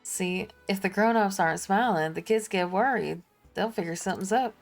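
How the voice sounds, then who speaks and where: A woman's voice: medium pitch, moderate pace, soft background music, natural voice. A woman voicing a kindly young male traveling apothecary with a put-on Southern drawl, reading game dialogue aloud. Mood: reassuring. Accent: put-on American Southern. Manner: folksy, reassuring drawl.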